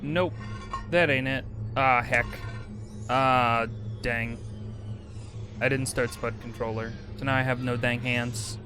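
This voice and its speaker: A young man chatting casually with his viewers while he livestreams a game, greeting people by name and talking in an animated way. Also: medium pitch, slow pace, long pauses. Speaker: streamer. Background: game music.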